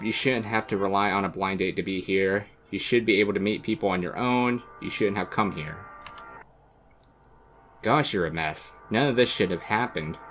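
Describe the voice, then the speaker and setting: A man's voice: fairly low pitch, fairly bright tone, slight background noise, close to an everyday voice. A man voicing a cruel, contemptuous young woman on a blind date, reading game dialogue aloud in a cold, relentless way. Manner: cold, cutting, relentless insults.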